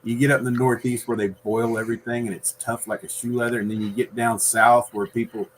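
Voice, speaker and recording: A man's voice: medium pitch, flat delivery, fairly quick, slight background noise, rough recording. A man hosting a casual podcast chat, joking and teasing his guests.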